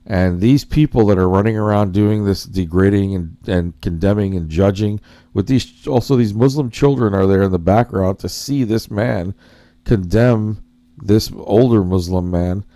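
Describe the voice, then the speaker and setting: Guy with a low mellow voice doing a loose reaction commentary, keeps saying guys, dry close sound. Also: normal speed, dry recording. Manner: rambling, addresses viewers as guys; searching for words, self-correcting. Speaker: commentary host.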